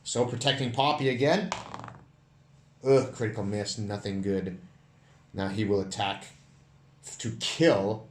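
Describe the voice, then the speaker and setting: A man running and narrating a solo tabletop game, counting dice rolls out loud in an animated way. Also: on the low side, unhurried, long pauses, echoey room, slight background noise. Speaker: solo game master and player.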